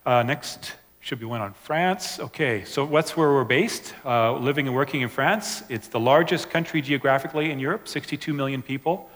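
A man's voice: medium pitch, moderate pace, hardly any pauses, a bit bright. A man presenting a slide talk to a church audience, casual and hesitant with fillers. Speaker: missionary presenter. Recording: reverberant hall.

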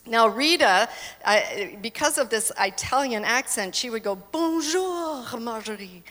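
A woman's voice: fairly high pitch, normal speed, bright, forceful tone. A woman telling stories during a church slide presentation, chatty and engaging the audience with questions. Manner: chatty, quizzes audience, laughs easily. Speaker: missionary presenter. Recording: reverberant hall.

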